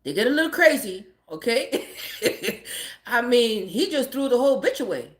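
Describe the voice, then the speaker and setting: A woman livestreaming a story to her chat, profane and animated, often breaking into laughter. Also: fairly high pitch, normal speed, reverberant. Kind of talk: casual storytelling to a live chat.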